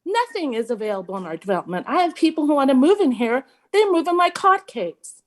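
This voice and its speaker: A woman's voice: sits high, sing-song, brisk. A woman giving a frustrated, emphatic public comment at a city meeting, talking bluntly as she calls in remotely.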